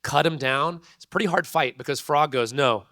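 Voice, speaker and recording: A man, a convention panel guest, telling a story to an audience in an animated, laughing way full of slang. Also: on the high side, fairly quick, dry recording, clean studio sound.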